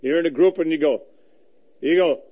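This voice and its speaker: In narrow, tinny audio, a man from the United States hosts a radio talk show on the road, drifting through casual stories full of fillers and false starts. His voice is on the high side, with a moderate pace.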